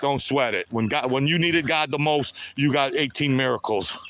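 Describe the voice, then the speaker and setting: A man's voice: medium pitch, normal speed, fairly bright tone, a little hiss or hum. Chatty sixty-year-old man on a walk. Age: 60s. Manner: talks to himself while walking, chatty and upbeat. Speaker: vlogger. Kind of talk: live walking vlog. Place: outdoors on a lakeside trail.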